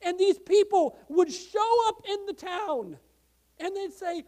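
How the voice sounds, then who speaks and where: A man preaching a sermon as pastor, telling a story with passion and swinging from hushed, quiet lines to loud, urgent ones. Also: very high-pitched, slow.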